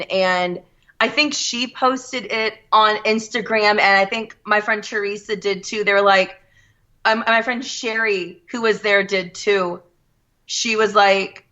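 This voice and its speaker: A woman with a bright, forceful voice tells her story in an animated way and acts out what others said. The sound is dull and lo-fi. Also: mid-range voice. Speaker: guest. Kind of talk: casual storytelling.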